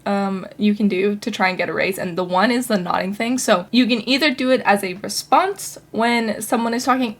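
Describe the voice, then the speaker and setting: A young woman hosting her own podcast, talking casually in a rambling, chatty way with lots of fillers and restarts. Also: medium pitch. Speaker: podcast host. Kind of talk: casual solo podcast talk.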